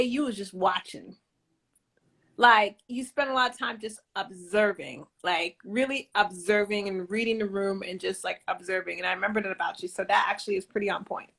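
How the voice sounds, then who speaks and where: Gravelly-voiced woman chatting loosely. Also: medium pitch, normal speed. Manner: relaxed, rambling, lots of fillers like "like" and "um". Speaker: guest on a live stream. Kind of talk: casual chat on a live video call. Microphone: phone on a live video call.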